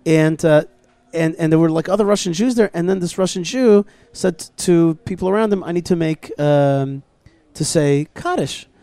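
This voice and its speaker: Man, podcast host, storytelling, restarts a lot, fairly high voice, dry close sound. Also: normal speed, dry recording. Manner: animated, full of restarts and quoted dialogue. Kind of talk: casual storytelling conversation. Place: outdoors at a plaza.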